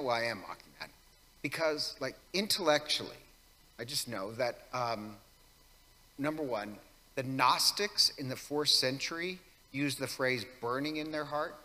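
A man's voice: medium pitch, bright, forceful tone. A priest giving a conversational weekday homily, wry and self-mocking in his asides. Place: church. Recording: long church reverb.

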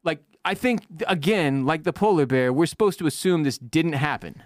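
A man's voice: on the high side, normal speed, dry recording, studio quality. A man co-hosting a podcast, recapping a TV episode in casual chat and acting out lines from it. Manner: animated, acts out quotes in put-on voices. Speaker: podcast co-host.

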